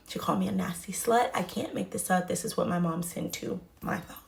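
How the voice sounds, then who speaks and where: A woman's voice: fairly low pitch, creaky. A young woman with a Houston accent telling a personal story in a casual storytime style, acting out what people said and repeating lines for emphasis. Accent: Southern US, Houston. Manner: animated, acts out the quoted voices, repeats lines for emphasis.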